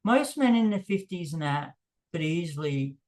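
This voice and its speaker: A man talking frankly to camera about dating, blunt and self-deprecating, his voice jumping higher whenever he gets worked up. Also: lively intonation, moderate pace, darkish tone. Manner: emphatic, voice jumps higher when worked up. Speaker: vlogger. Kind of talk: unscripted monologue to camera.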